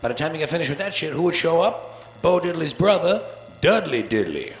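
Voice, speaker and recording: A man doing a live stand-up routine, profane and sardonic, with rapid-fire wordplay, on a theater stage before an audience. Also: a little high. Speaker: stand-up comedian. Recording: echoey live soundboard tape with faint hiss.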